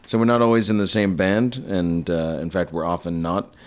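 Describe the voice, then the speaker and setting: Man, musician guest, low voice, jokey, self-mocking, radio studio. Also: moderate pace. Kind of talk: casual radio interview.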